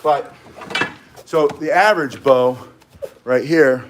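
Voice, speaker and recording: A man's voice: medium pitch, takes it slowly, background noise. A middle-aged man teaching martial arts in a casual live tutorial, chatting with viewers and wandering off on tangents. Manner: rambling, chatty, goes off on tangents.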